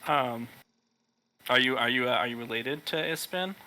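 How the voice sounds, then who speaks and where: A man's voice: mid-range voice, normal speed, sharp tone. A man playing a tabletop game, talking casually with hesitant fillers. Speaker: player. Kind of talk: tabletop game role-play.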